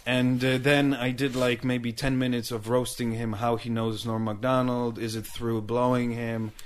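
Male comedian, casual podcast chat, lively storyteller who acts out characters. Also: mid-range voice, moderate pace. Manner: animated storytelling, acts out drunk hecklers in loud shouts.

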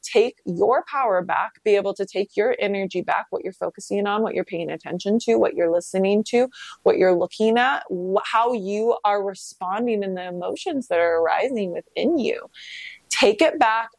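A woman hosting a casual solo podcast, talking candidly and self-reflectively, with swearing and pitch leaps when emphatic. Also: normal speed, gravelly, dry recording. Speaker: podcast host.

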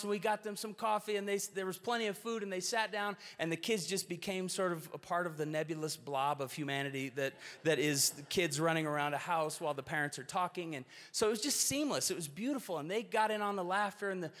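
Pastor preaching in a reverberant hall. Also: male voice, high voice, fairly bright tone. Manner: earnest, storytelling, varied emphasis. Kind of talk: sermon.

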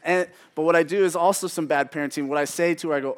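A man's voice: a little high, fairly even intonation, fast talker, hardly any pauses. A man in his thirties preaching a sermon in a conversational way, with self-joking asides.

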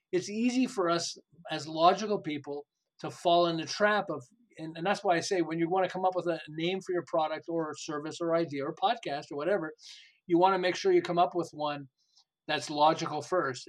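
Older male author guest, high-pitched, animated storyteller, chuckles through anecdotes. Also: rough recording. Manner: animated, laughs often, acts out quotes. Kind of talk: enthusiastic storytelling interview.

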